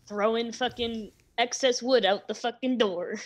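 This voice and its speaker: A woman's voice: a little high, steady tone, a little slow. A woman playing a tabletop game, describing her actions in blunt, casual banter. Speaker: player.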